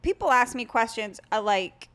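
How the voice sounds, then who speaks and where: Brash high-voiced woman comedian. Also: moderate pace. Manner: brash, animated storyteller, swears freely. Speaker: comedian and podcast host. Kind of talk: casual chat.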